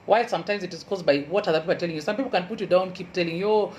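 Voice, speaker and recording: Kenyan lady w a luo accent, lecturer type, earnest advice talk, slows down to hammer points home, bit of hiss behind. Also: on the low side, a little mellow, rough recording. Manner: earnest, advising, repeats key phrases slowly for emphasis. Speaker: university lecturer. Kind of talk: motivational talk.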